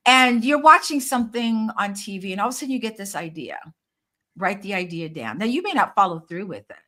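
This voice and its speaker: Expressive woman co-host with lively pitch. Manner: encouraging, gives advice, many affirming murmurs. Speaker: podcast co-host. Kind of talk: casual chat.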